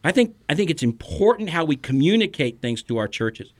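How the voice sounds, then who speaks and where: Earnest middle-aged pastor hosting a podcast. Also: male voice, fairly high pitch, very animated, a little fast. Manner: earnest, storytelling, chuckles between points. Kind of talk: conversational podcast teaching.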